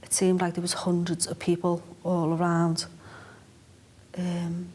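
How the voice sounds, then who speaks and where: A mother quietly recalling events in a documentary interview, numb and halting. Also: lowish voice, completely flat delivery.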